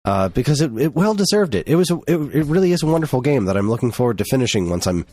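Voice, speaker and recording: A man's voice: mid-range voice, very animated, rapid-fire, warm tone, dry recording, studio quality. A man co-hosting a podcast in casual chat, often restarting his sentences. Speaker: podcast co-host.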